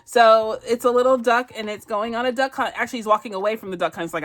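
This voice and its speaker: A woman's voice: a little high, fairly even intonation, fast talker, hardly any pauses. A bubbly woman hosting a budgeting vlog, gushing and giggling as she plays savings challenges and says y'all. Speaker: budgeting channel host. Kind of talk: casual chat reviewing savings challenges.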